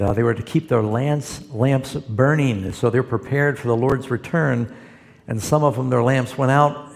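Gravelly pastor in an echoing hall. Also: male voice, mid-range voice. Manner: folksy storytelling, quotes scripture. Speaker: pastor answering Bible questions. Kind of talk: conversational Bible Q&A.

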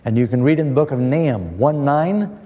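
A middle-aged man preaches a Bible-study sermon, posing a question and then answering it with verses. His voice is warm and mellow, and he sounds earnest and emphatic. A long reverb trails each phrase through a large hall. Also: medium pitch, expressive, fairly quick.

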